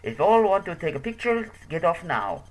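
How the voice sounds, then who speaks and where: A man's voice: high voice, very animated, normal speed, pitched above the performer's own voice, poor audio. A man imitating a cheerful tour bus guide making announcements. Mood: upbeat.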